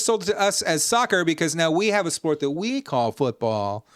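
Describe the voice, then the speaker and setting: A man's voice: on the high side, sing-song, normal speed, few pauses, no echo, studio quality. A man co-hosting a gaming podcast, chatting casually and ranting with lots of profanity. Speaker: podcast co-host. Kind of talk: casual chat.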